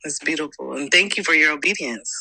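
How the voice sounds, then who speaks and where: A woman's voice: low voice, fast talker, gravelly, bright, forceful tone, slightly rough, no echo, rough recording. A woman hosting a podcast in casual faith conversation with her son, speaking in an encouraging, affirming way. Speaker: podcast host, guest's mother.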